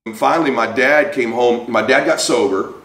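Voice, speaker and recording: A man in his forties, a guest in an interview, telling a personal story with lively acted-out voices for the people in it. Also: mid-range voice, normal speed, far from the mic, a little hiss or hum. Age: 40s. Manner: animated storyteller acting out quoted voices. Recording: roomy, from off-mic.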